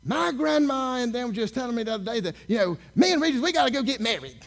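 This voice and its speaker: A man's voice: very high voice, lively intonation, fast, creaky, a bit bright, full character voice. A male preacher quoting a hesitant young woman who is unsure about marriage, in a slightly raised voice. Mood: doubtful.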